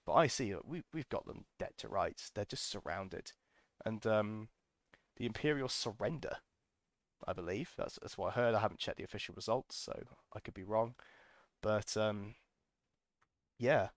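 A man's voice: on the low side, moderate pace, long pauses, dry recording, studio quality. A man hosting a podcast, telling a casual, enthusiastic story full of ums and restarts. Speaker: podcast host.

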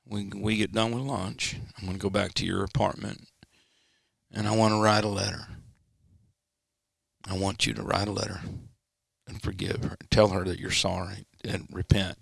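Gravelly low-voiced pastor telling a story. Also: male voice, little pitch movement, moderate pace, a bit bright, no echo, studio quality. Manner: acts out quoted dialogue with sudden jumps in pitch. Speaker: pastor, guest. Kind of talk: storytelling in a podcast interview. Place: church studio.

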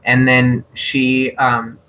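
A man co-hosting a podcast, recapping scenes in a lively way and laughing often. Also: mid-range voice, very slow, lo-fi sound, a little hiss or hum. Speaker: podcast co-host. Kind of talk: casual chat.

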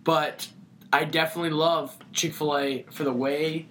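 A man's voice: a little high, little pitch movement, normal speed, noisy background. A man co-hosting a podcast in casual chat, telling stories with enthusiasm and acting out quotes. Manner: enthusiastic storyteller who acts out quotes. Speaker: podcast co-host.

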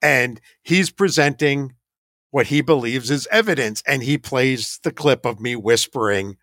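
A man's voice: medium pitch, measured pace, a bit bright, dry recording, studio quality. A man who leads a paranormal investigation team, telling an anecdote in a chatty, self-deprecating way with occasional laughs. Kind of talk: casual anecdotal storytelling.

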